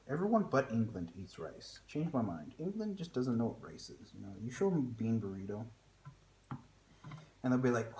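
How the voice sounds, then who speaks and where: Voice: medium pitch, expressive, normal speed, warm tone. Rambling, self-mocking home cook vlogging. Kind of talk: casual cooking vlog chatter. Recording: echoey room with faint music.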